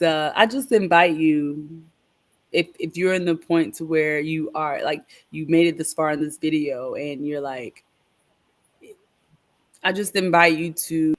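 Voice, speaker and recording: Upbeat motivational woman co-host. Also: low-pitched. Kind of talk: casual live-stream chat.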